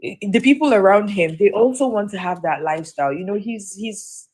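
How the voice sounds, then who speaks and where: A woman's voice: medium pitch, a little fast, a little mellow. A woman giving blunt opinions as a guest on a casual livestream chat. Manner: blunt, opinionated, asks to be heard out.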